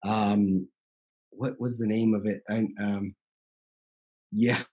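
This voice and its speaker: A man with a husky, slightly breathy voice talks on his podcast. His tone is mellow and warm. He coaches contractors in an earnest, pitching way and stresses key points by repeating them. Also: flat delivery, slow. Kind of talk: persuasive podcast talk.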